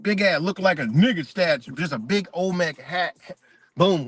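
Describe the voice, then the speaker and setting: A man's voice: high-pitched, animated, normal speed, fairly bright tone, slightly rough. A man ranting casually on a live stream, profane and emphatic, rambling as he tells stories.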